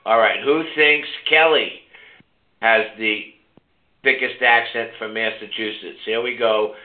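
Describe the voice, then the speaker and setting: A man's voice: fairly low pitch, fairly even intonation, a little slow. Older guy hosting a call-in show, brash and coaxing, sounds like a phone line. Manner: brash, teasing, coaxing listeners. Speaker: host of a call-in health show. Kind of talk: casual call-in talk.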